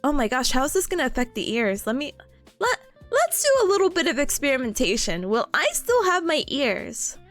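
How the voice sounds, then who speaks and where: Giggly high-voiced woman streamer. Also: big pitch swings, brisk, a bit bright, faint music behind. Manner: giggly, bubbly, gushing. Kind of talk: casual chat with chat readers.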